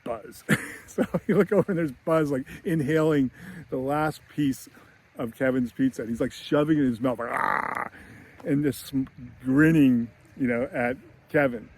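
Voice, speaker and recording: A man's voice: medium pitch, moderate pace, darkish tone, slight background noise. A man casually retelling a film scene in a chatty way, laughing often and using many fillers. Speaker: screenwriting commentator.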